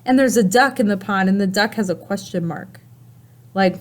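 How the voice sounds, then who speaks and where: A woman teaching a recorded writing lesson to young children, talking slowly and in an animated, sing-song way, with questions to the class. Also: mid-range voice. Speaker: kindergarten teacher.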